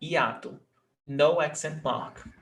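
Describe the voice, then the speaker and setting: A man's voice: a little high, takes it slowly, a bit bright. A man, teaching a language class and patiently repeating example words. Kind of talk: live online class.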